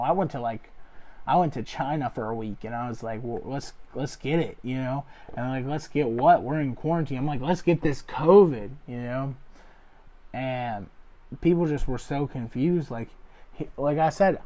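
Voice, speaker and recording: A young man, a comedy show host, rambling through a loose joke monologue full of fillers and deadpan asides. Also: mid-range voice. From Ohio area. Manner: loose, filler-heavy, deadpan jokes with acted quotes. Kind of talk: rambling stand-up style monologue.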